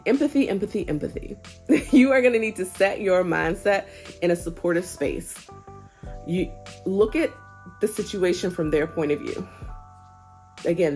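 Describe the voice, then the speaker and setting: Earnest young mom, low-pitched voice. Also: female voice, measured pace, long pauses, faint music behind. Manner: earnest, conversational, gently encouraging. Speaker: parenting vlogger. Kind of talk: casual advice talk.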